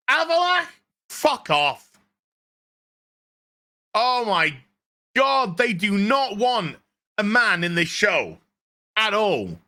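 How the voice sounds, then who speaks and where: A man reviews a show in a sarcastic, profane rant. He speaks slowly, but his pitch swings a lot, and his tone is bright and forceful. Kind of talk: ranting review vlog.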